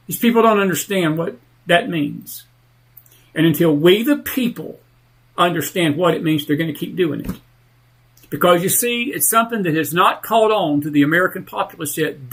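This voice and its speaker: A male talk radio host ranting through heated political commentary, fired up and leaning hard on drawn-out emphatic words. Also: sits high, a bit bright.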